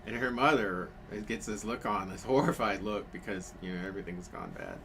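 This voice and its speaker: A man's voice: on the low side, sing-song, brisk, creaky, a bit bright, a little hiss or hum. A man telling a rambling story in casual chat on a craft stream, full of fillers and restarts.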